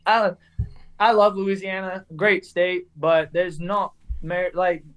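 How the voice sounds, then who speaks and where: A young man with an English accent worn down by years in the American South talks on a video call. His voice sits a little high, and his casual chat is full of "like" and "dude," broken up by easy laughs. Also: little pitch movement, slow, fairly bright tone, clean tone. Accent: English, softened after years in the American South. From England. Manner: chatty, laughs often, says "dude" and "like" a lot. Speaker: guest, racer.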